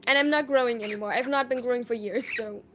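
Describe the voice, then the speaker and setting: A woman's voice: a little high, quick pace, a bit bright, slight background noise. A woman from Germany, a live streamer chatting casually, reading viewer comments aloud and laughing often.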